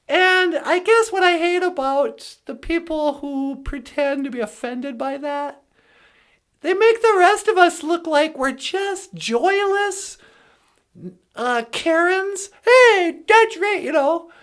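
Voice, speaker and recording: A woman's voice: very high voice, lively intonation, slow. A woman delivering a comedic rant in a sarcastic, mocking way, laughing often. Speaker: comedic commentator.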